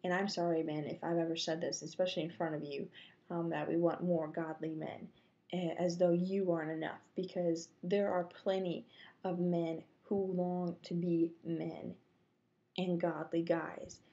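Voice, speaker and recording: A young woman casually telling a personal story on a vlog, acting out her own thoughts in whispers and squeaks. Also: flat delivery, normal speed, dark tone, muffled recording. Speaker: vlogger.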